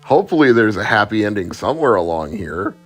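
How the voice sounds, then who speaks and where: A man's voice: lowish voice, sing-song, quick pace, slightly rough. Man with a sardonic, chatty delivery. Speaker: game reviewer. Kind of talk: casual video game review.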